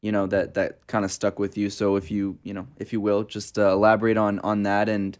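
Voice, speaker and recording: A man's voice: on the low side, monotone, a little fast, a little mellow. A man hosting an interview, asking a question hesitantly with many fillers. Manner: hesitant, filler-heavy phrasing. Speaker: interviewer host.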